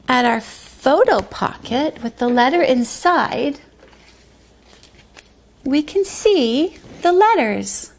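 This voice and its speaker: Slow sing-song woman with a gravelly edge. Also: high voice, lively intonation. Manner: slow, sing-song, drawn-out words for small children. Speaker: preschool teacher. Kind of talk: pre-K circle time lesson.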